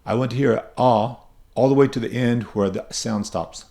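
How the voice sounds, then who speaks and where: A man's voice: medium pitch, moderate pace, vocal fry, warm tone. A man teaching pronunciation, patiently explaining and repeating example sounds, a native English speaker. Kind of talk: explanatory lesson with spoken examples.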